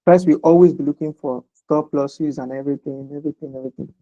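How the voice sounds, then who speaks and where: A man's voice: fairly high pitch, steady tone, fast, dark tone, dry recording. Repetitive man teaching trading, dull sound. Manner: repetitive, asks "do you get?" often. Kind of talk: informal explanation lesson.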